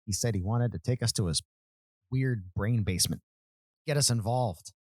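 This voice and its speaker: A man's voice: on the low side, normal speed, darkish tone, no echo. Wisecracking male player. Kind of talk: casual tabletop play.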